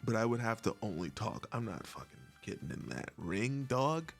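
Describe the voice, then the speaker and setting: A man's voice: lowish voice, big pitch swings, normal speed, vocal fry, soft background music. A man rambling to camera in a goofy, scattered comedic monologue, swearing and laughing between half-finished thoughts. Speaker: video creator.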